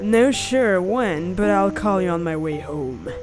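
A woman putting on a slow creepy message voice. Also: fairly low pitch, animated, music in the background. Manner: slow, drawn-out creepy delivery. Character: creepy adult woman leaving a phone message.

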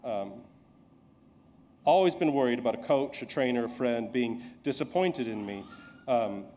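A man preaching from the pulpit in a relaxed, conversational way. He pokes fun at himself and puts on voices for the people in his stories. His pitch sits in a middling range. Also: a little slow, slight background noise. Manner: conversational, self-deprecating storytelling with acted quotes. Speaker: pastor. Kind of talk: sermon.

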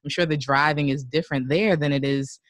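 A woman's voice: sits low, fairly even intonation, fairly quick, no echo, clean studio sound. A woman guest talking casually about driving, full of "like" and "you know" and frequent laughter. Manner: chatty, heavy use of "like" and "you know", laughs often. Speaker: podcast guest, driving show host. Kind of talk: casual conversational interview.

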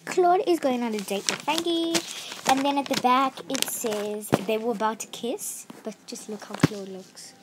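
A woman's voice: fairly high pitch, normal speed, heavy background noise. A woman vlogger walking viewers through her drawings in casual, rambling storytelling with many fillers. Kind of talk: casual show-and-tell narration.

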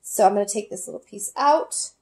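A woman's voice: mid-range voice, fairly quick, a little mellow. A woman giving a casual, enthusiastic product review at home, gushing and talking with many fillers. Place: home kitchen.

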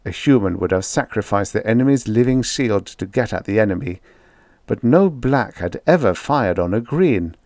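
Low-voiced man reading a dramatic story. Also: expressive, normal speed, a little mellow, no room sound. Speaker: audiobook narrator. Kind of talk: scripted narration.

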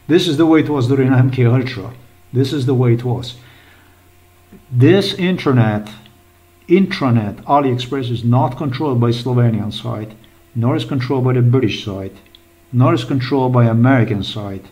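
A man's voice: mid-range voice, normal speed, a little mellow, rough recording. A man rambling through an agitated commentary while browsing, swearing often and repeating himself. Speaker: vlogger. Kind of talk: rambling screen-recorded commentary.

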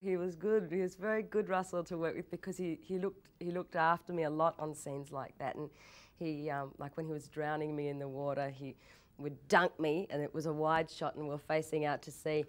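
A young woman in an interview, telling anecdotes in a lively way, laughing often and restarting her sentences. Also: deep voice. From Australia. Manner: animated storytelling, laughs often, quick repeated restarts. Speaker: actress interviewee.

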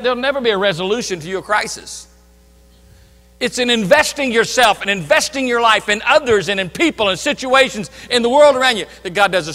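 High bright-voiced preacher in a big hall. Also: male voice. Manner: emphatic preaching, swinging from loud to hushed. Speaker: pastor. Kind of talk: sermon. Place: church sanctuary.

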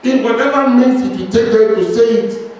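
A man preaching a sermon as pastor, speaking with passion and long pauses between phrases. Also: extremely high pitch, a little mellow, far from the mic. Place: church hall. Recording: echoey hall, heard from afar.

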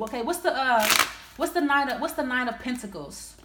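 Heavy background noise and a roomy echo surround a woman giving a casual tarot reading. She's blunt and foul-mouthed, musing aloud as each card comes up, in a high voice that runs a little fast.

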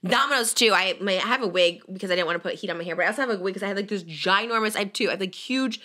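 A woman's voice: medium pitch, very fast, sharp tone. A woman in her thirties hosting a podcast, chatting in a rambling way and laughing often. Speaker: podcast host. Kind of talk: casual chat.

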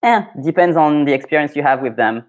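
A man's voice: a little high, expressive, fairly quick, muffled recording. A man with a French accent, a pronunciation coach hosting a casual live stream, answering viewer comments in a frank, opinionated way. English is not his first language. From France.

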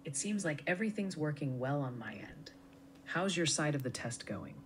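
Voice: mid-range voice, very animated, moderate pace, slight background noise. A polite, friendly text-to-speech voice assistant answering in conversation.

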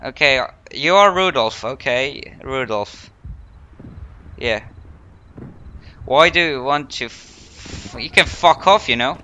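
A medium-pitched gamer with a pushed, bright voice and lively intonation commentates on his own play slowly, with long pauses. He sounds panicky, profane and self-mocking, with game gunfire and explosions behind him in lo-fi sound.

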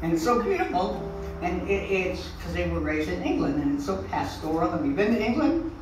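Brief: older stand-up comic, profane and rambling, mid pitch, booming echo, heard from afar in a club. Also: sing-song, fairly quick, music in the background. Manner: profane, rambling, loud swings. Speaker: stand-up comedian. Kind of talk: stand-up set. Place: comedy club stage. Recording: echoey room from a distant mic.

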